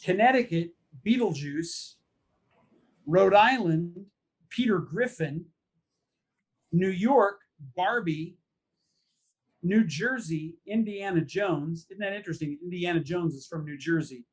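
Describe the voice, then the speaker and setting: A man co-hosting a podcast in casual chat, briskly listing items in an easygoing way. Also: high voice, husky. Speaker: podcast co-host.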